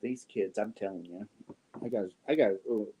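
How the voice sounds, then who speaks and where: A man's voice: fairly low pitch, moderate pace, dark tone, breathy edge, dull audio. A man hosting a crochet livestream, chatting casually, reading viewer comments and cooing to his cats. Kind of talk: casual chat while crocheting.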